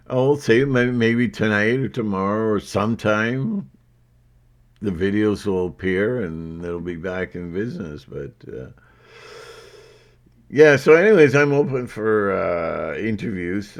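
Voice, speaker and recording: Casting: man, low voice, slow unhurried delivery, rambling defiant vlog host, lots of "uh"s. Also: vocal fry. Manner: defiant, unfiltered, hesitant with many fillers. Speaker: channel host. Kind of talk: rambling monologue to camera.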